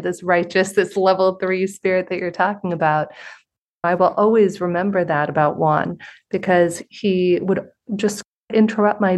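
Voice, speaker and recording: A woman hosting a spiritual interview podcast, telling stories in an earnest, animated way. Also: on the low side. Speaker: podcast host. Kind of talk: conversational interview with storytelling.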